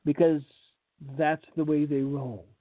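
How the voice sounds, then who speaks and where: High-voiced guy doing sarcastic radio commentary, slow and blunt, dry tinny phone sound. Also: steady tone, no room sound. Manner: sarcastic, blunt, repeats words when starting. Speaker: radio host and preacher.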